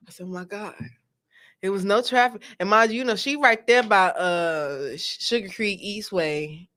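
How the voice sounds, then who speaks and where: A woman co-hosting a casual talk show, telling stories in an animated way. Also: mid-range voice, normal speed. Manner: animated storytelling, trails off and restarts. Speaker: podcast co-host. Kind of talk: casual chat.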